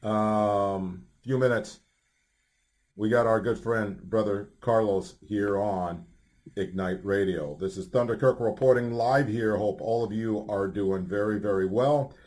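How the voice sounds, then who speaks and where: A man's voice: on the low side, measured pace, a little mellow. A man hosting a Christian radio show, talking casually with many fillers and restarts between upbeat announcements. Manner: rambling, filler-heavy, upbeat. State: hiccups. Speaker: radio host.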